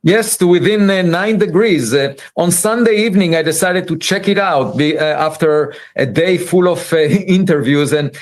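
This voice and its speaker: A man being interviewed as a scientist, explaining measuredly with many filler pauses. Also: on the high side.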